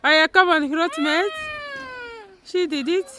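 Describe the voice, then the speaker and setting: A woman's voice: high-pitched, steady tone, moderate pace, pushed and bright, a little hiss or hum. A mother filming her children outdoors at a zoo, cheering and encouraging them in a casual family vlog. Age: adult parent. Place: outdoor zoo with a crowd around.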